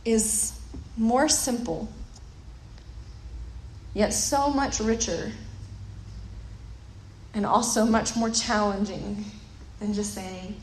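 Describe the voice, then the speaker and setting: A woman's voice: medium pitch, drawn-out words, long pauses. A woman preaching a sermon in a conversational way, often repeating words as she thinks aloud. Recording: roomy echo with faint noise.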